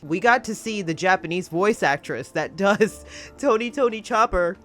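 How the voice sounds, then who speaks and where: A woman's voice: medium pitch, animated, unhurried, soft background music. Gushing, giggly woman reacting to anime. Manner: gushing and giggly, laughs often. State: emotional, close to tears. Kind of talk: excited reaction commentary.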